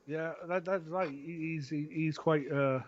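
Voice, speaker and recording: Cornish man, casual streamer; slightly high, stop-start delivery, dull low-fi sound. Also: fairly even intonation, unhurried, a little hiss or hum. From Cornwall, England. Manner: hesitant, repeats words, calls others "my flower". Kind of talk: casual chat.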